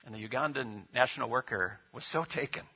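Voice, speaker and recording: A man's voice: medium pitch, brisk, breathy edge, muffled recording. A man preaching a sermon as pastor, telling stories, then leading prayer and liturgy. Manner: storytelling with acted quotes, leading prayer and liturgy.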